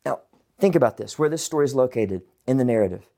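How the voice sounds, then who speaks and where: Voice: medium pitch, lively intonation, fast, creaky, dark tone. Chatty, casual Bible teacher. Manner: casual, chatty, with asides to viewers. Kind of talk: conversational online Bible lesson.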